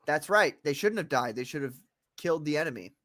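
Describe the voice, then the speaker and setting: A man co-hosting a casual comedy chat, joking and profane, jumping from loud outbursts to mumbled asides. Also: on the high side, lively intonation, a little fast, dry recording, studio quality. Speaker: podcast co-host.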